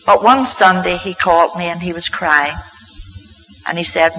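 A woman tells a religious testimony in an earnest, heartfelt way, her voice bright and forward. The recording is dull and lo-fi, with a faint hiss of noise underneath. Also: lowish voice, normal speed. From Northern Ireland. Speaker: mother giving a testimony.

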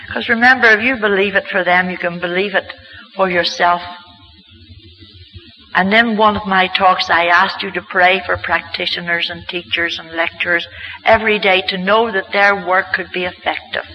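A man's voice: high voice, steady tone, moderate pace, pushed and bright, slight background noise, poor audio. A man giving a church lecture, telling healing stories with an earnest, emphatic storytelling manner. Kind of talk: storytelling sermon talk.

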